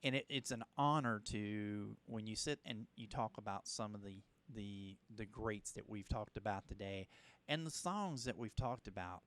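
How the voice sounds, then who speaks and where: A man from Louisiana, hosting a radio interview in a halting, rambling way. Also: lowish voice, fairly bright tone, a little hiss or hum. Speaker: host. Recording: radio broadcast.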